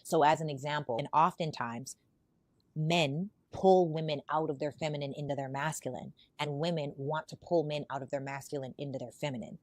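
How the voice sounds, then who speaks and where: A woman with a slightly low voice explains her views on a podcast in a confident, teaching tone. The recording is close and dry, with no room sound. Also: steady tone, a little fast, dry recording. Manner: confident, explanatory, acts out quotes. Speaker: podcast guest. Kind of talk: casual talk giving opinions.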